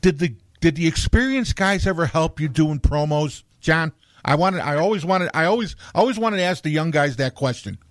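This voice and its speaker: A man co-hosting a casual interview, excited and stumbling over repeated words. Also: fairly high pitch, moderate pace, no room sound. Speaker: podcast co-host.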